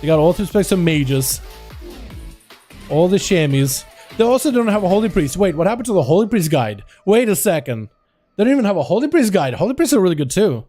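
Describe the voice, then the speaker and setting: Excitable high-voiced man commentating duels. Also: brisk, faint music behind. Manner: excitable, chatty, talks to chat. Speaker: streamer and duel commentator. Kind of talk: live game commentary.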